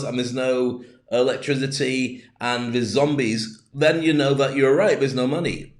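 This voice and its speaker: A man hosting a casual live business show, talking in a chatty, rambling way with jokey asides. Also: fairly high pitch. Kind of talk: casual livestream monologue. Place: home in the UAE.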